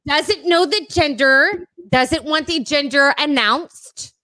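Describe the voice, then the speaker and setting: A young adult woman co-hosting a podcast, telling animated, profane stories in casual chat. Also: sits high, slow, dry recording. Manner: animated, swearing, laughing storyteller. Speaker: podcast co-host.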